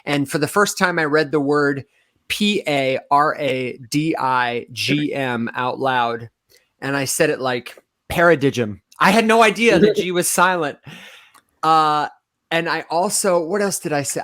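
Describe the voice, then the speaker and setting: Podcast co-host, thirties man, slightly high voice, dry close sound, self-mocking anecdotes. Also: unhurried, a bit bright, dry recording. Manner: self-deprecating storytelling with stumbling restarts. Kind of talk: casual chat.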